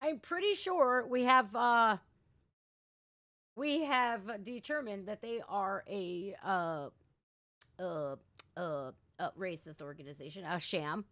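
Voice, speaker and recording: A woman's voice: mid-range voice, slow pace, bright, forceful tone, no echo, clean studio sound. A woman hosting a reaction livestream from home, reading aloud and cutting in with blunt, sarcastic remarks and swearing. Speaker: livestream host. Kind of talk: reaction commentary.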